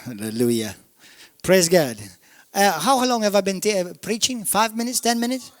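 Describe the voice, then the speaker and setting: A man with a Maltese accent preaching a sermon, emphatic, swinging from shouts down to murmurs. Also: sits high, expressive, normal speed, no echo. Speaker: pastor. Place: church.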